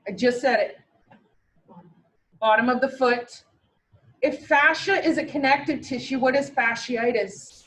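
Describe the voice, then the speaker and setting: A woman teaching a classroom lecture, lively, asking her students questions and answering them herself. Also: high voice, unhurried, pauses often, low-quality recording.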